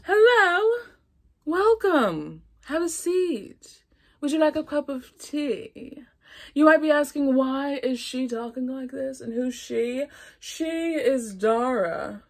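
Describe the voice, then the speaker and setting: A woman's voice: high voice, lively intonation, pitched above the performer's own voice, exaggerated voice. A woman putting on a prim royal hostess. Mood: genteel. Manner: affected, genteel and slow.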